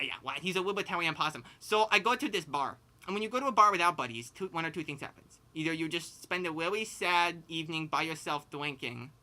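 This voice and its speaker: Once more the rambling cartoon pig storyteller is voiced by a performer in an improvised comedy bit, with a mid-range, pushed, bright delivery. Lisping and turning r into w, the pig laughs mid-sentence and keeps dropping "like" and "you know."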